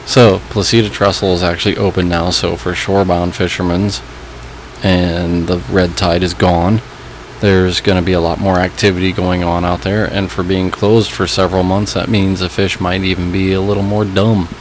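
A man's voice: sits low, flat delivery, normal speed. A man giving a casual, matter-of-fact fishing report on a podcast, listing what is biting. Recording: noisy background.

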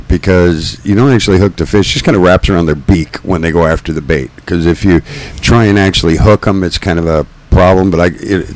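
Deep-voiced folksy fishing show host. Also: male voice, a little mellow. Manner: folksy, joking, peppers speech with "don't you know, eh". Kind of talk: casual talk-show banter.

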